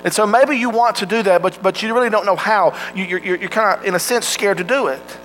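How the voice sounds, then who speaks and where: A man's voice: sits high, fairly quick, fairly bright tone, a little hiss or hum, poor audio. A man preaching a sermon in an earnest way, asking his listeners direct questions.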